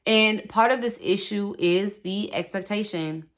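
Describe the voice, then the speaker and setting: A woman's voice: medium pitch, a little slow, a bit bright. A woman hosting a spiritual wellness talk, chatting casually with her viewers and laughing often. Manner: chatty, laughs often, repeats "okay", speaks to viewers directly. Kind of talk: casual spoken advice.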